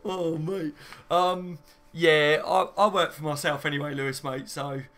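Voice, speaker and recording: A man's voice: a little high, steady tone, measured pace, fairly bright tone. A young man hosting a casual live stream from home, reading viewer comments and laughing often. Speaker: fan channel host.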